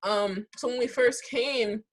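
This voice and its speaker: A woman from Liberia with a light Liberian English accent, a podcast guest talking candidly in reflective, halting bursts. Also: a little high, slightly rough.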